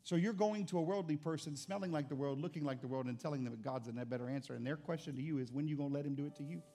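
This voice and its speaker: Man, pastor, sermon, gravelly voice, high pitch, earnest and impassioned. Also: rapid-fire, mellow. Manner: earnest storytelling, rising to impassioned intensity.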